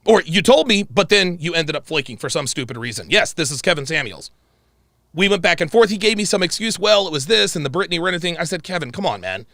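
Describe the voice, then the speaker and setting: A man hosting a livestream, telling a story in an animated, emphatic way and repeating his points. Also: a little high, fast, no echo, studio quality. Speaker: livestream host. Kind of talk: livestream commentary.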